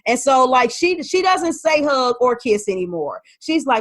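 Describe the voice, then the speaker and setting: Woman, forties, slightly high voice, lively storyteller. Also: normal speed, hardly any pauses, no room sound. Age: 40s. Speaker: podcast host and Spanish learner. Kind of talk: testimonial talk.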